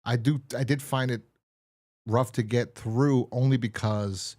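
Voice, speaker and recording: A man's voice: medium pitch, unhurried. A man co-hosting a podcast, casually reviewing and recapping a story with lots of fillers. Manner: rambling, lively, many fillers. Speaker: podcast co-host.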